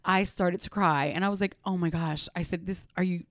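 A woman tells her story as an interview guest. Her voice sits on the lower side and comes across dry and close. She is excitable and laughs easily. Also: no echo. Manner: animated, quick to laugh, excitable.

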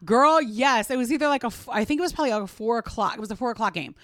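A woman, animatedly telling a personal story as an interview guest, quick to laugh. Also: a little high, expressive, fairly bright tone, dry recording.

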